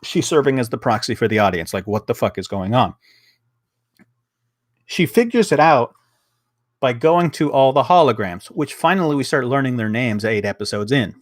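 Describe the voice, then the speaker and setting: A man chats loosely as he recaps a TV episode, his voice sitting at an ordinary middle pitch. He rambles with plenty of fillers and restarts and swears without a second thought. The sound is close and dry, with no room around it. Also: animated, moderate pace, no room sound. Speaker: podcast host reviewing a TV episode. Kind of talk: casual review chat.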